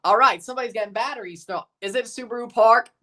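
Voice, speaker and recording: A man's voice: very high voice, fast talker, bright, forceful tone. A man hosting a casual soccer watchalong livestream, rambling, chuckling and repeating himself as he reads out lineups and chats. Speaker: livestream host reading chat.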